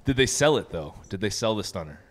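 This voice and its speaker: A laid-back man hosts a podcast, tossing out questions and laughing along with his guest. He swears casually, and his voice sits on the low side. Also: very animated, fast. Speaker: podcast host. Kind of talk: casual interview chat.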